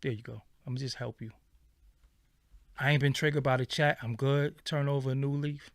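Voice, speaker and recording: A man hosting a livestream, ranting casually in animated, profane street slang. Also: medium pitch, normal speed, dry recording, studio quality. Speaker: livestream host.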